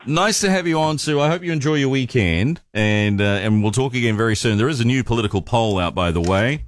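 A man's voice: mid-range voice, lively intonation, brisk, no echo, studio quality. A man hosting a talk radio show, chatting casually and often stumbling over and repeating his words.

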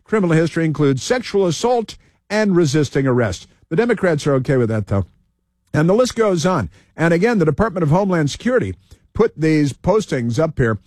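A man's voice: on the high side, sing-song, fairly quick, a little mellow, dry recording, clean studio sound. A man hosting a talk radio show, giving sarcastic, combative commentary over news clips and repeating phrases for emphasis.

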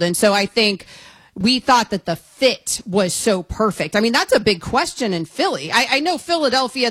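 Quick, opinionated woman sports analyst. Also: medium pitch, fairly bright tone, dry recording. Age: middle-aged. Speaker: guest basketball analyst. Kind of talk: casual sports talk.

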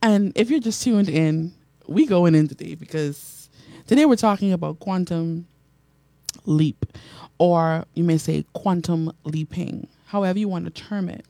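Animated woman preaching, mellow and dry. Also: lowish voice, creaky, no echo. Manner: animated preaching, repeats phrases, reads out comments. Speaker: radio and online preacher host. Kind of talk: sermon.

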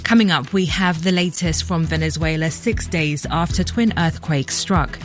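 A woman co-presenting a live radio news show, briskly previewing what is coming up. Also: deep voice, soft background music.

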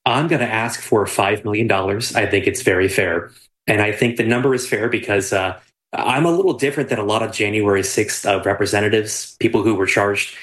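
A man's voice: fairly low pitch, brisk, fairly bright tone. Guy guest on a radio show, easygoing, answers plainly. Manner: laughing, easygoing. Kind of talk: interview answers.

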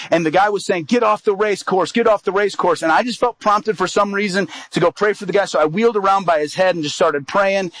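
Guy telling a story from the pulpit, kinda high voice, dry close sound, acts out the quotes. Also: no echo, poor audio. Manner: lively storytelling with acted-out quotes. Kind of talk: personal story in a sermon.

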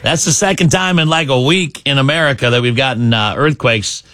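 A male morning radio host in casual banter, telling a joke with lively swings of pitch for the characters. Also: a little fast. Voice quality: animated storyteller, swings pitch for the joke's characters. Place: radio studio.

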